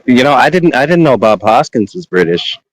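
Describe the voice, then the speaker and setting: A man chatting casually as a guest, relaxed and reflective, with pauses and hesitations. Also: medium pitch, no echo, rough recording. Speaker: guest on stream. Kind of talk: casual chat.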